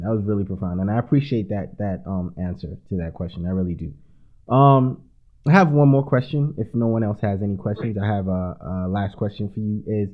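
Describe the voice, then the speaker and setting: A man hosting a podcast, asking long, rambling interview questions full of fillers. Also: lowish voice. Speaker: podcast host. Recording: tinny phone-like line.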